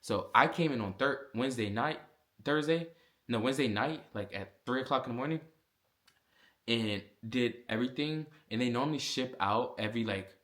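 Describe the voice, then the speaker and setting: A young man, telling a casual storytime vlog with lots of fillers and animated asides. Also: mid-range voice, normal speed. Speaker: vlogger.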